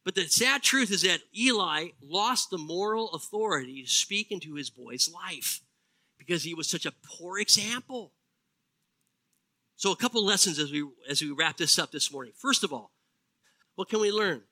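A middle-aged male pastor delivering a Sunday sermon in a high, very bright voice. He preaches earnestly and slows right down to drive home key phrases. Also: expressive, poor audio.

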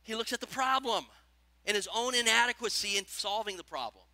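A pastor with a high-pitched voice preaches a bit fast, teaching through an animated sermon and asking his listeners questions. The recording is dry.

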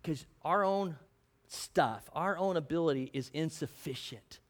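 A man's voice: fairly high pitch, a little slow. A man preaching a sermon in a conversational way, often asking his congregation questions. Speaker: pastor.

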